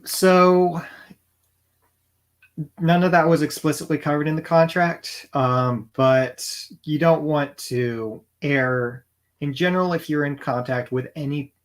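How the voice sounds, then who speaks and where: A man co-hosting a podcast, talking in a dry, deadpan, measured way. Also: on the high side. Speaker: podcast co-host. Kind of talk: casual chat.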